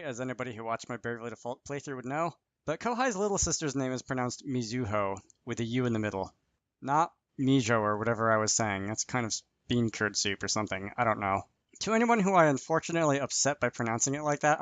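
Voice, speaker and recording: A man's voice: medium pitch, animated, quick pace, a bit bright. A man hosting his channel, reading a visual novel aloud and breaking off for chatty, self-deprecating asides. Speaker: channel host.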